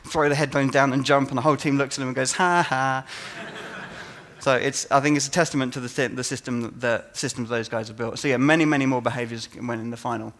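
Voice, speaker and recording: A man's voice: mid-range voice, quick pace. A man giving a conference talk as a game designer, telling stories and acting out players' reactions. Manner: animated storytelling, acts out players' reactions.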